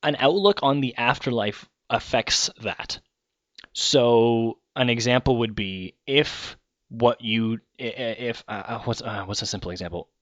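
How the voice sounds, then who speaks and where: A man's voice: mid-range voice, fairly even intonation, unhurried, a bit bright, no echo, lo-fi sound. A man hosting a podcast, talking through ideas in a casual, rambling monologue and often correcting himself mid-sentence. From Canada. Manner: rambling, conversational, self-correcting. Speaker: podcast host.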